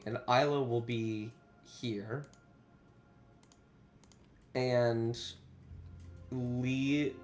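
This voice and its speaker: A man narrating as game master of a tabletop game, speaking in a measured way with frequent fillers. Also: mid-range voice, reverberant.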